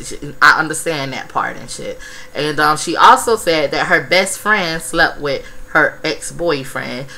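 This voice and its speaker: A woman's voice: deep voice, sharp tone, rough recording. A woman giving a blunt, profane, gossipy recap of a reality show episode. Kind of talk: casual recap vlog.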